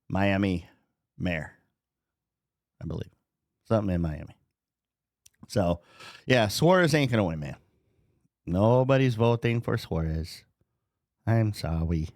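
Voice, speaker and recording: Casual joking guy from north dakota on his podcast, swears a lot, bouncy pitch. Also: no echo, clean studio sound. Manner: joking, laughs often, swears. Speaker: podcast host.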